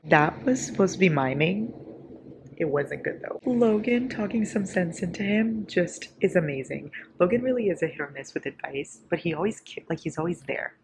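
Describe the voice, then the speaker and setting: A woman's voice: lowish voice, animated, normal speed. A sleep-deprived woman chatting about a book she's reading, casual and profane, laughing often. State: sleep-deprived, a little delirious. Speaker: book vlogger. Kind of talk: casual reading-reaction vlog. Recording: audible background noise.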